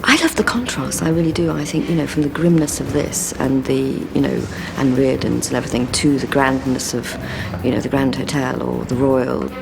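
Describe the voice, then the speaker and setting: A woman's voice: rumbling low, normal speed, gravelly, over music. A woman talking about a film in an interview in an enthusiastic, chatty way.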